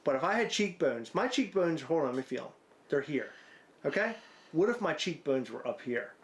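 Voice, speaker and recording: A man's voice: a little high, sing-song, normal speed. A man co-hosting a podcast, rambling through crude, absurd hypotheticals with profane banter. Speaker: podcast co-host.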